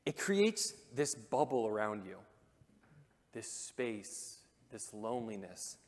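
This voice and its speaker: Man preaching in a reverberant church hall. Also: fairly low pitch. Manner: conversational and animated, with joking asides and dramatic hushed pauses. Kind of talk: sermon. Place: church auditorium.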